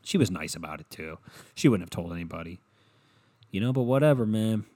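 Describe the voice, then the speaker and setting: A man's voice: sits low, expressive, brisk, dark tone. A young man hosting a solo podcast, rambling casually with lots of profanity and filler words. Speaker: podcast host.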